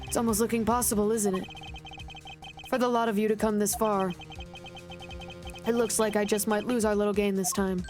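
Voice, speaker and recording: A woman's voice: medium pitch, flat delivery, moderate pace, pauses often, natural voice. A woman reading the lines of a condescending older male ambassador villain in a video game, over game music. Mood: smug. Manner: condescending, calls his accuser boy.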